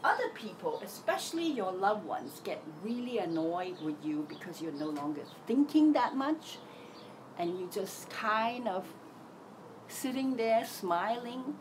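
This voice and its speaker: Lively middle-aged woman, noisy bird-filled backdrop. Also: mid-range voice, a little slow. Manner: acts out voices in her head, lively and candid. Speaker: self-help teacher. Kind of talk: casual reflective monologue.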